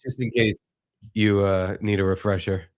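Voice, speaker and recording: A man's voice: on the low side, steady tone, normal speed. A man hosting a podcast in casual, joking chat, swearing freely and reading out chat messages. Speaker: podcast host.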